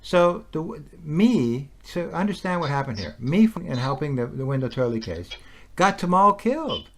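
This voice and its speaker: A man's voice: a little high, big pitch swings, moderate pace. A man in a heated casual conversation, agitated and repetitive, firing rhetorical questions and laughing between points. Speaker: conversation partner.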